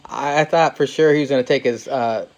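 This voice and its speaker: A man's voice: mid-range voice, brisk, crowd noise. A man hosting a podcast, chatting casually about wrestling, laughing often, swearing, and acting out quotes. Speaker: podcast host.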